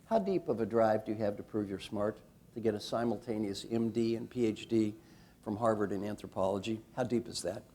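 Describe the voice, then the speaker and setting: A man's voice: lowish voice, brisk, a little hiss or hum. A man leading a workshop as a coach, talking playfully and rallying a live audience. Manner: animated, playful, rallying the crowd.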